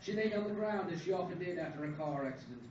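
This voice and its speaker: A young man reads his absurd short story aloud with deadpan dryness, at a fairly high pitch. He is heard from a distance in an echoey coffee house, with café noise behind him. The recording is dull and lo-fi. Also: fast, crowd noise. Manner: deadpan, dryly absurd delivery. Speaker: student reader. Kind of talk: reading his own comic short story at an open mic. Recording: echoey room from far off, dull and noisy. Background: café room ambience.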